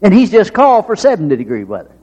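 A man's voice: sits high, wildly swooping pitch, fast, dark tone, husky. A man preaching a sermon, folksy and full of rhetorical questions, acting out little scenes with quoted voices. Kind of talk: sermon with acted-out anecdotes. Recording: dull lo-fi sermon recording.

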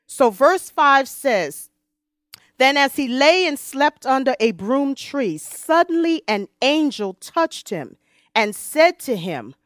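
A woman preaching a sermon, reading scripture slowly and swinging between loud emphasis and hushed tones. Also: fairly high pitch, no room sound, clean studio sound. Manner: reads scripture slowly and deliberately.

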